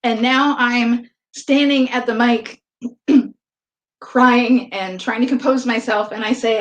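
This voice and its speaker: A woman with a somewhat high voice performs a first-person story for an audience. She talks fast and breathlessly when describing panic, stammers when reliving the moment at the mic, and slows into soft, earnest reflection. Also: fairly even intonation. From from outside the country of the event.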